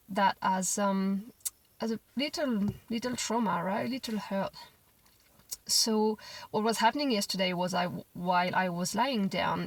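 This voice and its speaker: A young mother telling a personal parenting story to camera in a gentle, reflective way, often restarting her sentences. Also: mid-range voice, dry recording, distant mic, low-quality recording. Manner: reflective, gentle, with frequent restarts and soft quoted asides.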